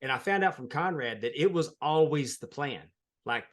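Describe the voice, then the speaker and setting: A man's voice: fairly high pitch, lively intonation, normal speed. A man, a wrestling referee, telling a heartfelt story in a casual interview. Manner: earnest, heartfelt, plain-spoken.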